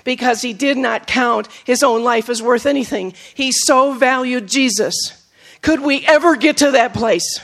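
A woman preacher giving a sermon, telling stories with acted quotes, moving from emphatic lines to soft, low asides. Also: a little slow. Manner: storytelling, with acted quotes and laughs.

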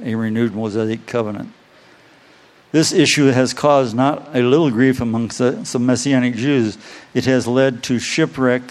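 Guy preaching, emphatic, keeps repeating his points, mid-pitched voice. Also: darkish tone. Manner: emphatic, repeats key phrases; reads scripture aloud slowly. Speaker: pastor. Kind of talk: sermon.

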